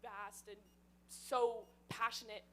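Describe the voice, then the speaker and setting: A woman's voice: a little high, little pitch movement, a bit bright, slight background noise. A woman, a local newspaper reporter, eagerly asking a question from the audience at a fan panel. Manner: bubbly, eager, halting with fillers.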